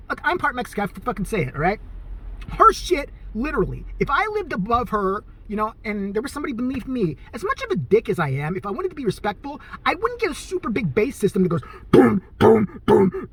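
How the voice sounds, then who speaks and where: A man's voice: very high voice, slightly rough. A man telling a profane, comedic rant about his day in a casual vlog. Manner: animated, profane, storytelling. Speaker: vlogger.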